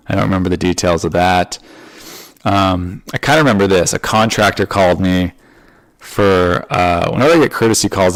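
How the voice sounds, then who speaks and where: A man in his thirties hosting a podcast, telling rambling, animated stories and acting out what people said. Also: sits low, no room sound. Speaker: podcast host. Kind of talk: casual storytelling monologue.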